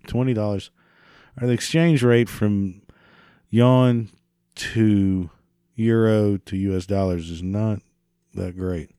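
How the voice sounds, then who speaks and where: Low-voiced, profane podcast host. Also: male voice, warm tone, clear, resonant tone, dry recording, studio quality. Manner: profane, sarcastic, rambling asides. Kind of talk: solo podcast commentary.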